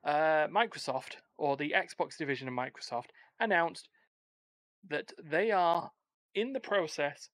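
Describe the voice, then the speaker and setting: Male gaming podcast host, teasing banter, slightly high dry voice. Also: a little slow, fairly bright tone, no room sound. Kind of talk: casual gaming podcast chat.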